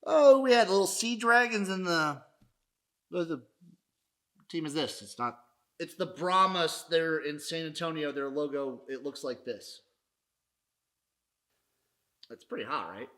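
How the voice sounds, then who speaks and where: A man's voice: on the high side, measured pace, pauses often, fairly bright tone. Man doing a rowdy fugitive on a rampage. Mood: sly.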